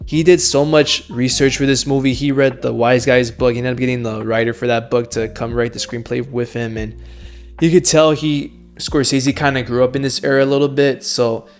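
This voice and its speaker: A young man casually reviewing a film, full of enthusiasm and loose slang. His voice sits at an ordinary middle pitch, with light swearing and constant dude and bro. He talks like he is chatting with a friend. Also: flat delivery, moderate pace, faint music behind.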